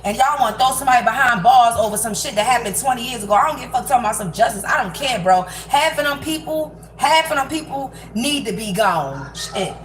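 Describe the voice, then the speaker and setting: Young woman ranting while she cooks, cussing a lot, kinda high voice, echoey kitchen with noise behind. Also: animated, fast, few pauses. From Prince George's County, Maryland. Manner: blunt, profane, rambling street talk. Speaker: vlogger. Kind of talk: casual rant while cooking. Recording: echoey room with background noise.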